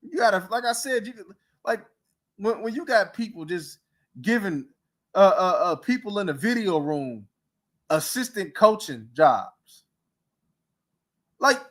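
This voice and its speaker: A man rants on a sports talk show, piling up mocking rhetorical questions. His voice sits high for a man and comes out bright and forceful. He keeps the talk heated and rambling. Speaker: podcast host. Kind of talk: casual sports talk rant.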